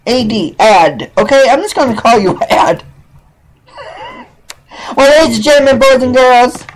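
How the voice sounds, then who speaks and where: A man from Wisconsin hosting a casual live internet radio show, excitable and stumbling over guests' names. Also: extremely high pitch, measured pace, poor audio. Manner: addresses audience as ladies and gentlemen.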